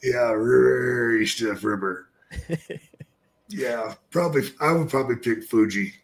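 An older man talks slowly and unhurriedly, taking his time over each line. He is blunt and profane, and he chuckles often as he tells stories in a casual podcast chat. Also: medium pitch. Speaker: podcast guest, retired wrestler.

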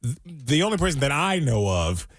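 A man co-hosting a talk radio show chats in a lively way and laughs easily. His pitch moves a great deal. He is close and dry on the studio mic. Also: normal speed, dry recording. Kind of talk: casual radio banter. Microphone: studio microphone.

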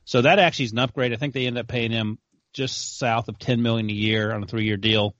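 A man's voice: mid-range voice, fairly even intonation, fairly quick, a bit bright, dry recording. A man co-hosting a casual sports show, chatty and correcting himself as he goes. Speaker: sports podcast co-host. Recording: dry muffled lo-fi audio.

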